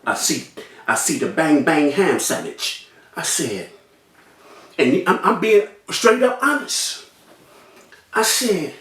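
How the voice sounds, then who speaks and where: Animated man telling a story, high and lively. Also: slow pace, pauses often, distant mic. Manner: acts out voices and sound effects, street slang. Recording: echoey room, off-mic.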